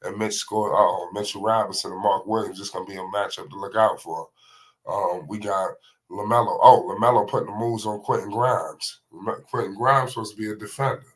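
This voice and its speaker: A man calling basketball play by play on a livestream, excitable and slangy, naming every pass. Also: on the low side, a little fast. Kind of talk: live play-by-play commentary.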